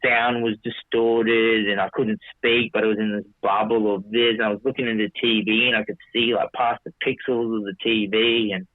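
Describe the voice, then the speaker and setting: A man with a lowish voice and little pitch movement talks at a moderate pace with few pauses, on dry, tinny, phone-like audio. As a podcast guest, he tells a long story casually, restarting often, swearing, and quoting himself in dialogue.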